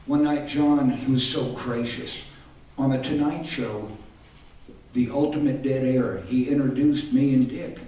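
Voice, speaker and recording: A man's voice: medium pitch, fairly even intonation, measured pace, warm tone. An older man from Texas, a singer-songwriter, telling reflective, self-deprecating stories on stage between songs. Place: concert stage. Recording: echoey live hall from far off. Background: guitar music.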